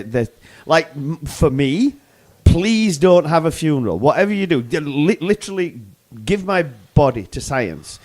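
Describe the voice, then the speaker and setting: A man's voice: mid-range voice, a little mellow. A man on a podcast giving blunt opinions in casual chat, swearing and stammering on restarts. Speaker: podcast co-host.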